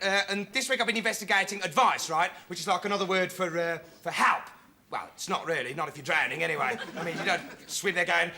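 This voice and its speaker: An actor playing a scatterbrained young reporter who rambles through a comic monologue full of fillers and sudden outbursts. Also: male voice, sits high, bright, forceful tone, slight background noise, full character voice. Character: dim, rambling young male would-be investigative reporter. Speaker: comic character in a sketch show. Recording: old TV audio with a studio audience laughing.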